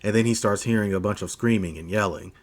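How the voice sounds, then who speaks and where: Animated lower-voiced man retelling a story. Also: fast. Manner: animated storyteller, acts out quotes in funny voices, swears and laughs. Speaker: podcast co-host. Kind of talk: casual chat recapping an anime.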